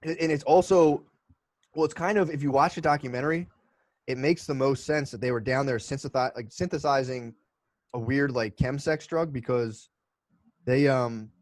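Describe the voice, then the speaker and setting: A man's voice: mid-range voice, moderate pace, dry recording. A man co-hosting a podcast, telling rambling, profane stories in casual chat. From United States. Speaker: podcast co-host.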